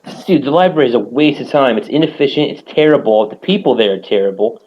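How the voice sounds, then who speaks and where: A man's voice: medium pitch, quick pace, highs cut off, a little hiss or hum. Foul-mouthed man ranting on a podcast. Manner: animated storytelling, swears a lot. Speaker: podcast co-host. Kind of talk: casual profane chat.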